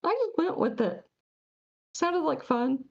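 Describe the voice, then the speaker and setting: A woman's voice: high voice, animated, slow pace, vocal fry, lo-fi sound, crowd noise. A woman co-hosting a podcast, telling a playful story in a giggly, casual way. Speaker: podcast co-host. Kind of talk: casual chat.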